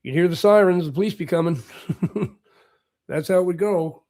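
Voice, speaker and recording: A man's voice: high voice, normal speed, darkish tone. A man from Canada hosting a livestream, chatting casually with viewers' comments, rambling, repeating himself and chuckling often. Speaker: livestream host. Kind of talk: casual chat answering live comments.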